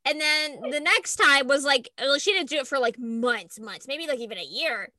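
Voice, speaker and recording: A young woman with a high voice and normal pace tells stories in a casual chat, with no room sound on the recording. She's animated, acting out voices, laughing a lot and swearing.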